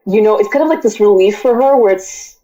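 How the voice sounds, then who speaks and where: A woman's voice: medium pitch, animated, fairly quick, dark tone, highs cut off. A woman chatting casually and reflectively, rambling with plenty of filler words. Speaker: co-host reacting to a show finale. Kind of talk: casual chat.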